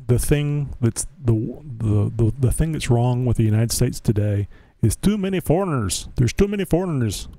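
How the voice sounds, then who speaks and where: A man's voice: mid-range voice, lively intonation, normal speed, warm tone, dry recording, close to an everyday voice. A man imitating an older Scottish immigrant with a thick Scottish accent, complaining bluntly. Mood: grumbling.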